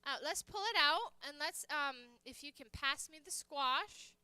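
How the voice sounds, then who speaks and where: A woman's voice: high voice, lively intonation, measured pace, sharp tone, dry recording. A woman chef giving a live cooking demonstration, chatty and telling stories while she works. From United States. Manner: chatty, anecdotal, talks while working. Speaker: guest chef. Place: church hall kitchen demonstration.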